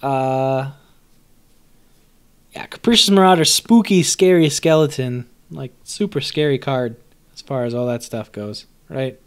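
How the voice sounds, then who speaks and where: A young man giving casual, animated live-stream commentary on a card set, joking, swearing and answering his chat. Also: medium pitch, a little slow, smooth.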